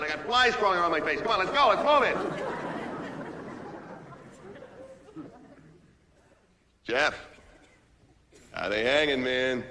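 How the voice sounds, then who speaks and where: A man playing a loud, pushy, self-pitying business executive, barking sarcastic lines into a phone in a stage monologue. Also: sits high. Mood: boastful. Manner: barking, sarcastic, rapid-fire phone rant. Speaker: stage actor in a one-man play. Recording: echoey hall with long reverb, faint ambience.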